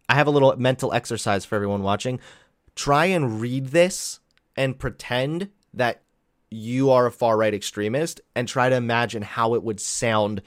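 A man's voice: mid-range voice, dry recording, clean studio sound. A young man casually reacting to clips on a vlog, sarcastic and profane, laughing at his own jokes. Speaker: political commentary vlogger.

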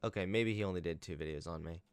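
A man's voice: sits low, fast talker, smooth, no room sound, clean studio sound. A man hosting a reaction video, mocking the clips he plays with sarcastic asides. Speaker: YouTube commentator.

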